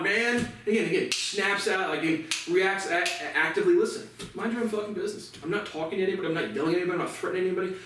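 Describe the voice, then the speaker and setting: A man's voice: on the high side, fairly bright tone. Agitated man ranting, echoey and distant. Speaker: vlogger. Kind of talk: rambling solo monologue. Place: outdoor porch. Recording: echoey and distant with faint noise.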